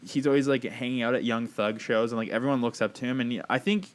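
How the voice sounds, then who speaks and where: A man's voice: mid-range voice, quick pace. Rambling man co-hosting a podcast. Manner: rambling, many fillers, wry reading aloud. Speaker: podcast co-host. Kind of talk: casual chat.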